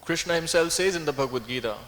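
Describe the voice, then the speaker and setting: A man's voice: on the high side, rapid-fire, a bit bright, long reverb tail. A man speaking at a scripture class, thoughtful and searching for his words as he reasons through a point. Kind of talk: reflective class talk. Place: temple hall.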